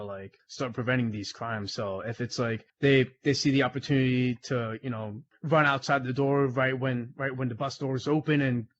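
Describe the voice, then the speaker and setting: A man's voice: medium pitch, muffled recording. A man guest on an interview podcast, telling a story casually, laughing often and acting out the dialogue. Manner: animated, laughs often, acts out quoted dialogue. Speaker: crime analyst guest.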